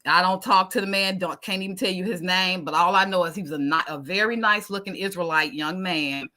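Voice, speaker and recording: A woman tells a story with great animation, jumping between her own voice and the people she quotes. Her tone is bright and forward, and the telling is expressive and conversational. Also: fairly low pitch, a little fast. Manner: expressive, acts out dialogue, Southern American speech patterns. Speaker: guest giving testimony.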